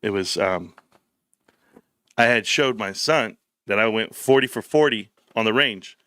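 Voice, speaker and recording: A man's voice: lowish voice, a little slow, clear, resonant tone, no echo, studio quality. A middle-aged man hosting a casual livestream chat, telling stories bluntly with slang. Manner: blunt, animated storytelling with slang. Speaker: livestream host.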